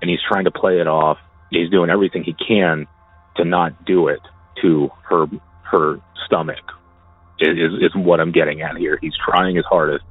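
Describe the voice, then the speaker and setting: A man casually telling a personal story, halting and often repeating his words as he goes. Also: deep voice, fairly even intonation, husky, no room sound, faint music behind. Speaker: caller sharing a personal story. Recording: tinny phone line, dry.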